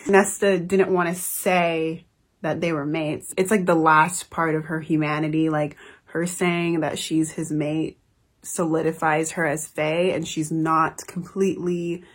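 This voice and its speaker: A woman's voice: sits low, little pitch movement, unhurried, slightly rough. A young woman talking casually about a book she loves, gushing and emotional, swearing freely. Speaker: book reviewer. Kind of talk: casual book review chat.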